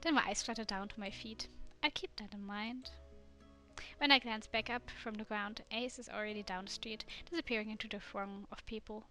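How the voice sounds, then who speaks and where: A woman streamer reading a dating game aloud in a soft, immersive way. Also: mid-range voice, fairly even intonation, brisk, few pauses, soft background music.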